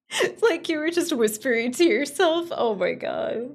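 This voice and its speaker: A young woman streamer chatting casually with her viewers, rambling and giggling with sudden jumps in pitch, her voice a little strained from overuse. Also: sing-song, normal speed. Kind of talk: casual live-stream chat.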